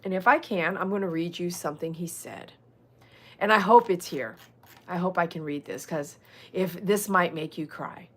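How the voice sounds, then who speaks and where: A dog groomer from Texas, middle-aged and speaking with that state's accent, keeps things chatty on her livestream, joking, laughing, and reading the chat aloud. Her voice is fairly low and her pace moderate.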